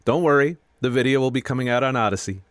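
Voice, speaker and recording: A middle-aged man venting a frustrated, profane rant to his viewers, halting and restarting as he talks. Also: mid-range voice, fairly bright tone, dry recording, studio quality. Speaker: video creator. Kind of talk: frustrated personal rant to camera.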